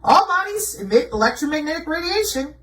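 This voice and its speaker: A woman's voice: high-pitched, sing-song, brisk, a bit bright, far from the mic, slight background noise, low-quality recording. A woman presenting slides in a blunt, mocking way, asking herself rhetorical questions and answering them. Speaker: video presenter. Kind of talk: conspiracy commentary over slides.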